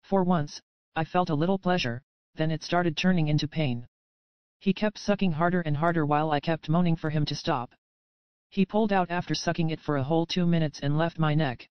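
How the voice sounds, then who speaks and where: Woman audiobook narrator, steady first-person reading, smooth tone, dry and slightly dull sound. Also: low voice, fairly quick, dry recording.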